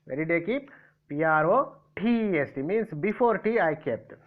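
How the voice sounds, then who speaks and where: A man with an Indian English accent teaching an English grammar lesson, halting and full of fillers. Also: sits high, expressive. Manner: slow, halting delivery with many fillers. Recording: tinny phone-like audio.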